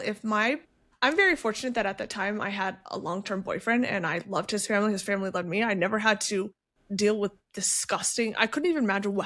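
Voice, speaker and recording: A woman co-hosting a book podcast, talking casually and emphatically. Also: mid-range voice. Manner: emphatic and expressive, quick to react with disgust. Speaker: podcast co-host. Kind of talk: casual book-club chat and reading aloud.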